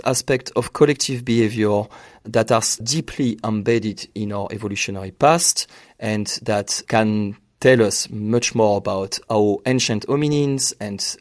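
Brief: male scientist guest, low voice, dry close mic, measured explainer. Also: no echo. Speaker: researcher guest. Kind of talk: interview answers.

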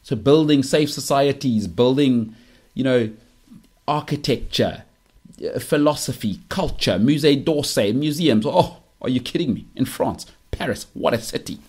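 Husky South African man, teasing and emphatic. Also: mid-range voice, expressive, measured pace, darkish tone. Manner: teasing and emphatic, repeats punchlines. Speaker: podcast host. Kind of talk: opinionated monologue.

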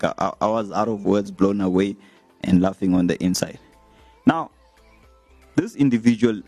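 A young man talking casually to his viewers as a vlogger, retelling comments with animated, laughing delivery. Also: on the low side, no echo. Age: young adult. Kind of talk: casual storytelling to camera.

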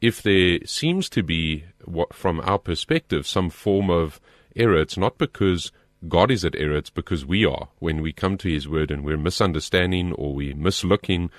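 A man's voice: low-pitched, expressive, no echo, clean studio sound. A man answering a listener's Bible question, explaining earnestly and then reading scripture passages aloud. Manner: earnest, measured, with small restarts.

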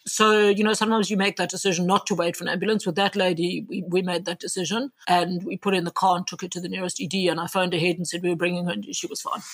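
A woman, an emergency doctor, talking as an interview guest and acting out quotes in lively anecdotes. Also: medium pitch. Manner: animated, acts out quotes with laughs. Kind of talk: interview guest, casual storytelling.

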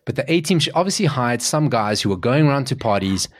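A man in his forties co-hosting a podcast, telling stories in casual chat, excitable, with many restarts. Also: fast, no echo, clean studio sound. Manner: animated storyteller, jumps in pitch, restarts often. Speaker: podcast co-host.

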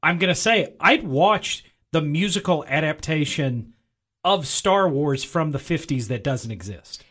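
A man co-hosting a film review podcast chats in a casual, rambling, enthusiastic way with frequent fillers. His voice is a little high, expressive and a bit bright, and he speaks a little slowly.

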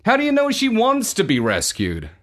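A polite, earnest young boy in a storybook, his voice lifted high and bright, as a woman puts him on. He speaks with a lively, animated swing through his sentences and a soft, breathy edge. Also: normal speed.

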